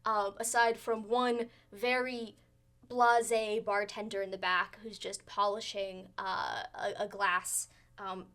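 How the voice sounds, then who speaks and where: A woman's voice: medium pitch, slow pace. A woman narrating a tabletop game as game master, setting scenes with frequent fillers and laughter. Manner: lively, giggly scene-setting with many fillers.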